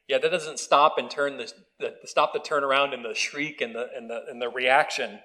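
A man preaching a relaxed, conversational sermon on video. He talks at a middle pitch, mixes in wry asides, and often restarts his sentences. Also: normal speed, few pauses, poor audio. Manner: conversational, self-deprecating, with restarts. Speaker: pastor. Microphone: video recording.

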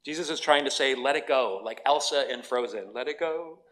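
A man's voice: mid-range voice, a little fast, a bit bright. A middle-aged man, a pastor, giving a sermon in a conversational storytelling way with self-deprecating humour.

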